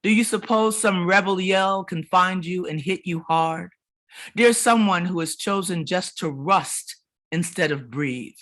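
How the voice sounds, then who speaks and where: A woman poet giving a dramatic, rhythmic reading of her poems at a literary event, swinging between forceful lines and hushed ones. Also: lowish voice, unhurried. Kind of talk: performed poetry reading.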